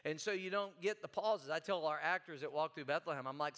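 A man's voice: fairly high pitch, fairly quick, hardly any pauses, fairly bright tone. A male pastor preaching a sermon in a folksy, conversational way, often stumbling and repeating words.

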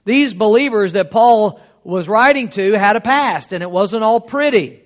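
A man's voice: high-pitched, animated, normal speed, few pauses. A middle-aged man preaching a sermon in a conversational, joking way, teasing the congregation and laughing along. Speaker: pastor.

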